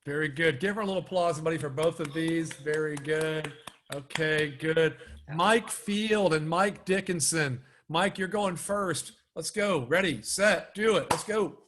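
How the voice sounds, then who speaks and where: A fairly high-voiced man runs a remote training session over a video call. He coaches his trainees in an upbeat voice and keeps pushing them to go bigger. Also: normal speed, background noise. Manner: upbeat coaching, urging participants on. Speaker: sales trainer. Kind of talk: live online training session.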